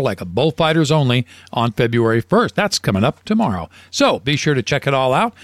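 A man co-hosting a radio show, his voice sitting a touch high and swinging widely as he tells jokes. He voices the characters in his stories with lively shifts. The sound is dry and close. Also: no room sound. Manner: lively storyteller, animated dialogue. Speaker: radio co-host. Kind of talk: casual radio chat and joke telling.

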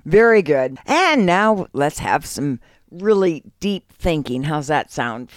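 Low-voiced upbeat woman on radio. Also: big pitch swings, slow pace, hardly any pauses, no room sound, studio quality. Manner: upbeat, laughs easily. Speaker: radio show co-host. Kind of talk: friendly radio banter and ad reads.

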